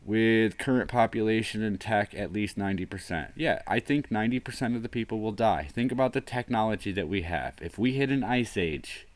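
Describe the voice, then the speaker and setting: A man in his thirties hosting a solo livestream, rambling and musing aloud, often trailing off into low mutters. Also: brisk, hardly any pauses, no echo. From US northeast coast. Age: 30s. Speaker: livestream host.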